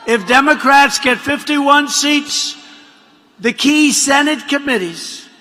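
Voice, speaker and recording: A man gives a rally speech in a bright, forcefully projected, fairly high voice. He rambles, mocks and repeats himself, sometimes bursting into shouts. His voice rings with long arena reverb over a faint crowd hum. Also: slow pace. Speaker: politician addressing a rally. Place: large rally venue.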